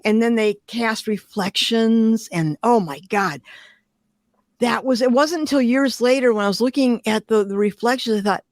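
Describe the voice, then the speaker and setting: Older woman, from Detroit, artist guest, vivid emotional storyteller, highish voice, dry close sound. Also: unhurried, no room sound. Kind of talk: storytelling interview.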